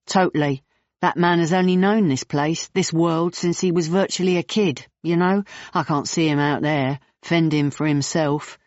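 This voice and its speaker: A reader voicing a blunt clown with an Estuary accent. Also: male voice, on the high side, fairly even intonation, normal speed, no room sound, natural voice. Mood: casual. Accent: Estuary English. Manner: blunt, casual. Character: blunt laid-back male circus clown. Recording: dull lo-fi dry recording.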